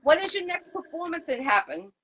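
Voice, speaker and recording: A woman hosting an interview show with a heavy accent, eager and upbeat, quick with shout-outs. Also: extremely high pitch, sing-song, background noise. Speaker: interview host.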